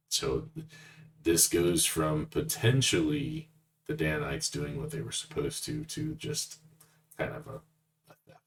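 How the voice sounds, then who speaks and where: A man's voice: low voice, wildly swooping pitch, measured pace, creaky. A man giving blunt, conversational verse-by-verse Bible commentary as a teacher. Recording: distant mic with faint noise.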